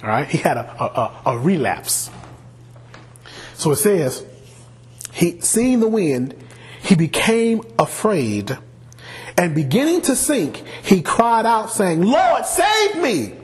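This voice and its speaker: A male pastor preaching a sermon, animated, often asking the congregation questions. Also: fairly high pitch, takes it slowly, long pauses. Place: church sanctuary.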